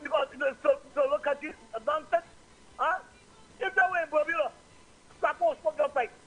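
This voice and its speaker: A man's voice: extremely high pitch, fairly even intonation, moderate pace, fairly bright tone, rough recording. A man with a Saint Lucian accent, calling in to a talk show and ranting angrily and repetitively about politics. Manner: angry, insulting, repetitive. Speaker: caller. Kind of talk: political rant on a call-in show.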